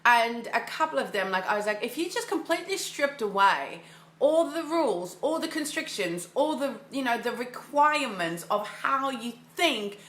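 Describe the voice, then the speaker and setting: A woman's voice: a little high, lively intonation, moderate pace, fairly bright tone, roomy sound. A woman mindset coach giving an enthusiastic, casual motivational talk, often repeating phrases for emphasis. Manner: casual, filler-heavy delivery. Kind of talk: motivational monologue.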